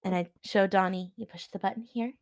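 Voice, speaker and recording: A woman player in a tabletop game, speaking gently and soothingly. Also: mid-range voice, fairly even intonation, fairly quick, no echo, clean studio sound.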